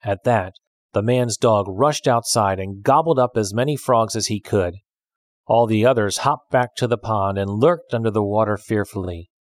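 A man reading a children's fable aloud, with an expressive storytelling delivery. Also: lowish voice, normal speed, no echo.

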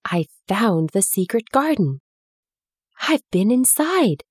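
A woman voicing an earnest, slightly bossy young girl who speaks in a brisk, confiding way. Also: mid-range voice, very animated, breathy edge, no echo, studio quality, voice pushed up, heavily acted.

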